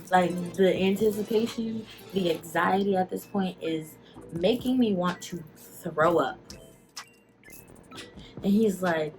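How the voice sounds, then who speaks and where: Young woman, low pitch, casual storytelling vlog, emotional, fighting back tears, faint music underneath. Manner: emotional, quick and animated, many "like" fillers. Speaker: vlogger.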